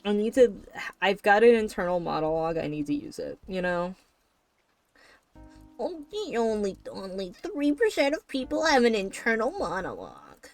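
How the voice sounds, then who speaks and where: A woman's voice: medium pitch, sing-song, moderate pace. A woman streamer chatting casually and rambling while she draws, swearing now and then. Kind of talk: casual chat while drawing. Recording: faint background music.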